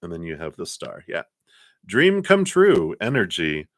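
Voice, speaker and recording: Male tarot reader on a livestream, low-pitched, rambling and good-humored, dry close sound. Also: huge pitch swings, unhurried, a bit bright, no echo. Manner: chatty, laughs often, trails off with fillers. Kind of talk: live-streamed tarot reading.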